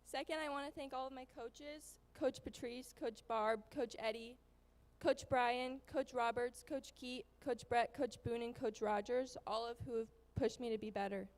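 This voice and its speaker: A woman's voice: on the high side, fairly even intonation, moderate pace, long reverb tail. A teenage girl, a student athlete, giving a grateful thank-you speech with small laughs. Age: teens.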